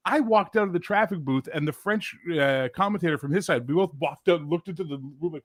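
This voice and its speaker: A man chatting casually on a livestream, telling animated stories, swearing freely and mimicking other voices. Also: fairly high pitch, a little fast, hardly any pauses, no echo, clean studio sound. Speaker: livestream co-host. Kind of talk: casual chat.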